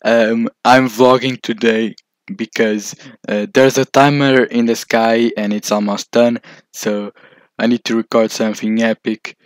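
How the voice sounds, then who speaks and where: In this in-character gameplay vlog, a man plays a house owner and keeps erupting into frightened, excited cries with stammered repeats. His medium-pitched voice runs a little slow, and the recording is dry.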